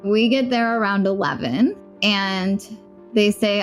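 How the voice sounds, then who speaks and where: A woman frankly recounting a hard personal experience in a podcast interview, rapid and rueful, with short laughs. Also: medium pitch, soft background music. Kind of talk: candid personal storytelling.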